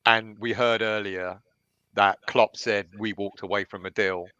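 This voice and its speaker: A man's voice: on the low side, steady tone, bright, forceful tone, smooth, no echo, lo-fi sound. A man hosting a live online football chat, putting questions to his panel over a video call. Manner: leads the panel with questions, quick asides. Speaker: host.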